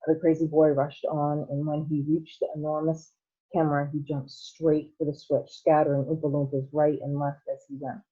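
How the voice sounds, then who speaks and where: A woman teacher reading a storybook aloud to students in a steady storytelling manner. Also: low-pitched, moderate pace, husky. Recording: tinny phone-like line.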